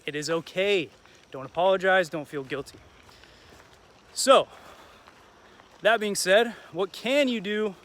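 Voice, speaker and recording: A man's voice: sits high, fairly bright tone. A young man hosting a casual motivational vlog outdoors while walking through a neighborhood, upbeat and encouraging, tossing in Spanish phrases. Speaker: vlog host.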